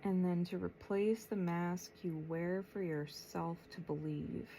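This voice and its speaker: A woman tarot reader channeling messages aloud, thinking as she goes, with long pauses and a soft, unhurried way of talking. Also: fairly low pitch, fairly even intonation, slight background noise. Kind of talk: slow, reflective spiritual channeling.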